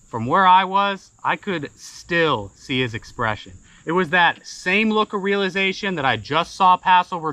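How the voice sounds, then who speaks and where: Man, folksy tall-tale teller, slightly high and bright voice, loose rambling delivery packed with fillers. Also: no room sound, highs cut off. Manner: casual, rambling, many fillers. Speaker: storyteller.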